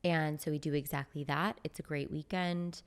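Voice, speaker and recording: A woman's voice: low voice, fairly even intonation, normal speed, smooth. A woman guest on a podcast, telling a personal story in casual chat, full of "like" fillers and acted-out quoted dialogue. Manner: chatty, frequent "like" fillers, acts out quoted dialogue.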